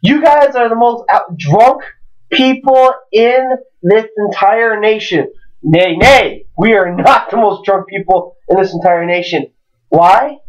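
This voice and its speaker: A man's voice: high-pitched, unhurried, dull audio. A young man from Wisconsin, hosting a podcast, tells a rowdy drinking story in casual, profane chat, with sudden jumps into quoted voices. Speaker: podcast host.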